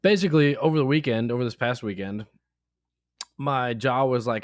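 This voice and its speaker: A man in his twenties chats on a casual podcast, telling a story with a sore jaw. He mimics other people with sudden high-pitched quotes. The sound is dry, with no room echo. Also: normal speed. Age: 20s. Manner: animated storytelling, acts out quotes with raised pitch. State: in jaw pain. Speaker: podcast co-host. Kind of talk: casual chat.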